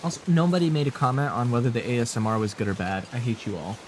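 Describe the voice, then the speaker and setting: A man's voice: mid-range voice, fast talker, darkish tone, slight background noise. A man streaming a survival game live, chatting and teasing his viewers in a playful way. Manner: chatty, teasing viewers, playing with whispers and silly voices. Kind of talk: live gameplay commentary.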